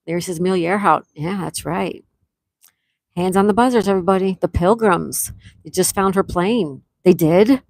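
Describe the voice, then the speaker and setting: A woman hosting a casual live-stream trivia game, greeting viewers by name, reading their chat replies aloud and repeating questions slowly. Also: mid-range voice, a little mellow, dry recording. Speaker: livestream trivia host.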